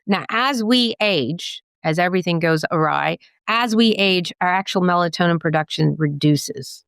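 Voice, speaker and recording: A woman with a low, smooth, resonant voice explains eye health like a teacher who enjoys a joke. Her talk is playful and explanatory, with quick asides and puns. The sound is dry and close. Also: expressive, a bit bright, dry recording. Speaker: optometrist and professor giving a guest lecture.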